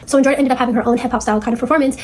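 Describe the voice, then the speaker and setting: A woman narrating a storytime, animated and acting out the quoted dialogue as she tells it. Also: high-pitched, very fast, a little hiss or hum. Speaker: TikTok storyteller.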